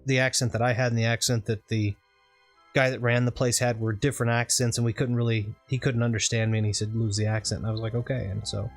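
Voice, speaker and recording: A man's voice: medium pitch, level tone, quick pace. A man from the southern United States, with no trace of a regional accent, chats casually over gameplay. He rambles and wanders between thoughts in an ordinary mid-range voice, with faint music playing underneath. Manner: rambling, discursive talk. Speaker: gaming channel co-host.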